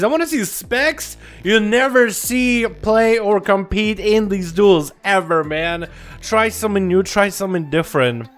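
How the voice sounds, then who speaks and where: A man's voice: high-pitched, fairly bright tone. A young man with a slightly raised voice runs a casual gaming livestream, hyped up and swearing freely as he greets his chat. Faint music plays behind him. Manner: hyped-up, profane, rowdy greetings. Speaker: livestream host.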